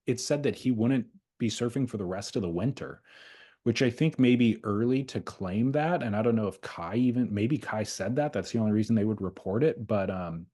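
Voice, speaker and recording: A man's voice: lowish voice, normal speed, warm tone, breathy edge. A man co-hosting a podcast in casual chat, chatty and a little pedantic. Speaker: podcast co-host.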